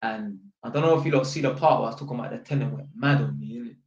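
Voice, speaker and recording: A man's voice: mid-range voice, racing, darkish tone, reverberant, dull audio. Young London man telling a street-slang story. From England. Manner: London street slang, frequent "innit" tags, acts out quoted voices. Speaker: vlogger. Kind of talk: casual storytelling monologue.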